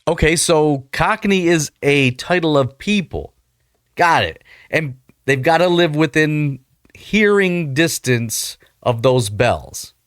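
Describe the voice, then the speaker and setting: A man's voice: on the high side, animated, slow, a bit bright, smooth, dry recording, studio quality. A man hosting a casual reaction video, upbeat and talking straight to his viewers. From United States.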